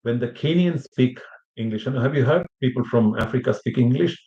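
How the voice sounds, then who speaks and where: A man's voice: mid-range voice, a little fast, mellow. Rambling male teacher, echoey classroom. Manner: rambling, many fillers and restarts; addresses students with questions. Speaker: language teacher. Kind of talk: classroom lecture. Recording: echoey room, muffled sound.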